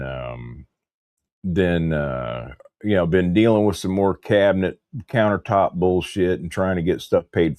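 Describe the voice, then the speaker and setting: A low-voiced man hosting a casual show, swearing freely as he rants through a story. The sound is dry and close, with no room around him. He talks with steady, worked-up frustration. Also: no room sound. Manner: profane, heated ranting storyteller. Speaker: show host. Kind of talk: casual livestream chat.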